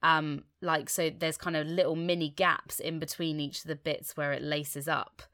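A young woman co-hosting a casual podcast chat, a self-mocking, animated storyteller who swears freely. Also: low-pitched, normal speed. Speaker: podcast co-host.

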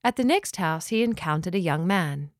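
A woman reading a children's story aloud, gently and expressively, dropping lower on narration tags. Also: lively intonation, moderate pace, no room sound, clean studio sound.

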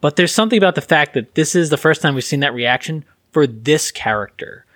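A man's voice: on the high side, lively intonation, a little fast, a bit bright, dry recording, studio quality. A man on a podcast talking enthusiastically about a film's acting, rambling with restarts in casual chat. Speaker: podcast co-host. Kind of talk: casual film podcast discussion.

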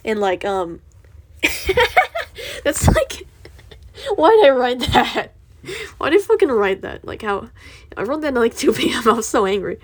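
A woman's voice: on the high side, sing-song, measured pace, long pauses, slight background noise. A young woman hosting a casual solo podcast, ranting in a profane, rambling way and laughing through her angry venting. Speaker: podcast host.

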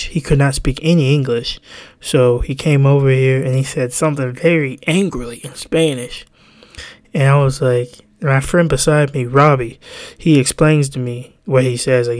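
Young guy on a podcast, animated, swears a lot, laughs thru his stories. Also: mid-range voice. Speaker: podcast co-host. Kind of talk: casual storytelling.

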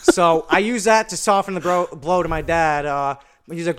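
Young male guest, smooth resonant voice pitched a touch high, rambling casual storyteller. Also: fairly even intonation, brisk, a bit bright. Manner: rambling, many "like" fillers and restarts. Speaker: podcast guest.

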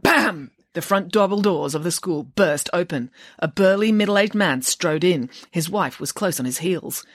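A woman narrating a children's novel aloud with lively, expressive storytelling. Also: fairly low pitch, unhurried, hardly any pauses, no echo, clean studio sound. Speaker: audiobook narrator. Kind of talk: audiobook reading of a children's novel.

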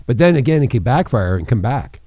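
Man hosting a lively joking radio show. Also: medium pitch, brisk, no room sound. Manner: joking, rambling, teasing his co-host. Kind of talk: casual radio banter.

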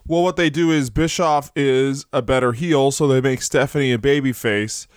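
A man's voice: mid-range voice, normal speed, clean tone, no room sound, clean studio sound. A man co-hosting a comedy podcast, giggling and drawling out crude jokes. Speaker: podcast co-host. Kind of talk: casual comedy podcast banter.

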